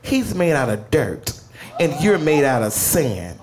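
A man quoting his old female schoolteacher, slow and soothing. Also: fairly high pitch, very animated, background noise. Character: calm female schoolteacher consoling a pupil.

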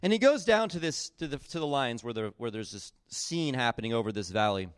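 A man preaching a sermon, retelling a Bible story in a casual, animated way with acted-out quotes. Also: medium pitch, a little fast, smooth, no echo, clean studio sound. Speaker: pastor.

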